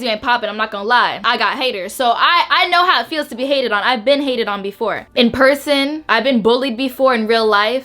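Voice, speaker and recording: A woman's voice: on the high side, bright, forceful tone. A young woman YouTuber telling an emotional storytime to camera, bubbly and emphatic, repeating words and saying "like" a lot.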